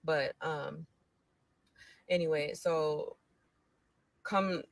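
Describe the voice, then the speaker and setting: A woman caller telling a personal story in a flat, matter-of-fact way. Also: deep voice, extremely slow, gravelly, dry recording.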